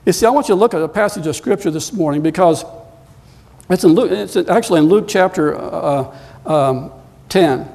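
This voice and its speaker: A man preaching a sermon as pastor, telling stories and climbing louder and higher when he presses a point. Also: normal speed, gravelly. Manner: storytelling, rising in pitch and volume when emphatic. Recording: long reverb of a large hall.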